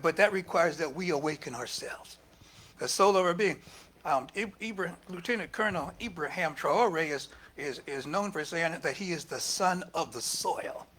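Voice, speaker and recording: A man with a notably high voice delivers a sermon in a loose, conversational way. He swings from hushed, almost whispered asides up to loud, emphatic bursts when he acts out what others said. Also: normal speed. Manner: conversational preaching, rising to emphatic quoted speech and dropping to near whispers. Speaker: speaker at a spiritual center service. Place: church hall.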